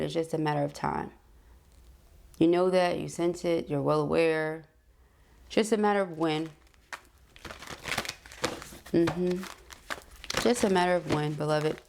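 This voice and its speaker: A woman's voice: on the low side, darkish tone, a little hiss or hum. A woman giving a casual, reassuring tarot reading who talks to the listener as beloved and honey. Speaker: tarot reader.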